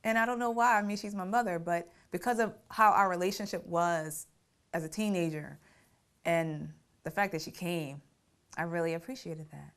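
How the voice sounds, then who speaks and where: A woman's voice: on the low side, moderate pace. A middle-aged woman telling her family story in an interview, reflective and often laughing through painful memories. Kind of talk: personal storytelling.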